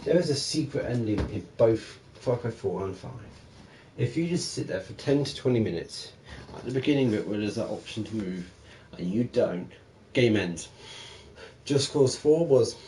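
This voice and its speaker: A man's voice: medium pitch, a little hiss or hum, poor audio. Sweary rambling gamer guy. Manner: profane, rambling, animated. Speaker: gaming channel streamer. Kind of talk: casual rambling chat.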